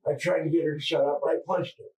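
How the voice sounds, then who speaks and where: A man confessing under police interrogation, halting and distressed, stammering through restarts. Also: fairly high pitch, level tone, a little mellow. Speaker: murder suspect under interrogation. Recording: distant mic in interrogation room.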